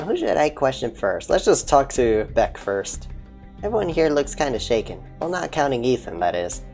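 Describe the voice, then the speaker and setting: Very deep-voiced woman reading a game. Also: warm tone. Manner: wry, casual asides. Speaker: gameplay narrator. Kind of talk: reading a visual novel aloud. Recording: faint game music behind.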